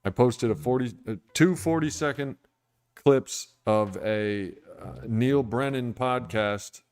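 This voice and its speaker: A man's voice: medium pitch, slow pace, darkish tone, clean tone. A man hosting a casual livestream, chatting in a rambling, laid-back way and answering viewers' comments. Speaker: livestream host. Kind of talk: casual livestream chat about sobriety.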